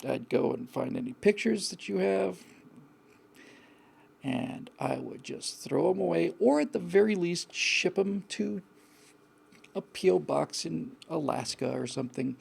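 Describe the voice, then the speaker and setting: A man's voice: on the high side, creaky, a little mellow, breathy edge. A man hosting a live call-in show, giving blunt, frank advice in a rambling way with many restarts. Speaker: host.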